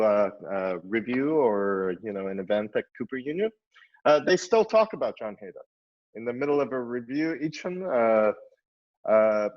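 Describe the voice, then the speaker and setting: A middle-aged man, an architect and teacher, thinking aloud in a panel discussion, full of "uh"s and "you know"s. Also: mid-range voice. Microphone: video call. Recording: dull lo-fi online call audio.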